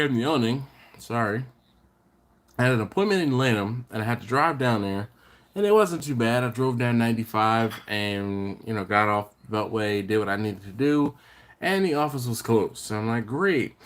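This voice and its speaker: A man's voice: medium pitch, moderate pace. A man hosting a barbecue live stream from home, chatting casually, reading viewer comments and thanking people by name, often restarting his sentences. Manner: rambling, self-correcting, thanks viewers warmly by name. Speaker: barbecue channel host.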